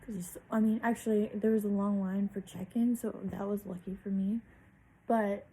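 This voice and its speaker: A woman's voice: mid-range voice, little pitch movement, fairly quick, warm tone, husky, poor audio. A young woman vlogger telling a personal story in a candid, chatty way, swearing freely.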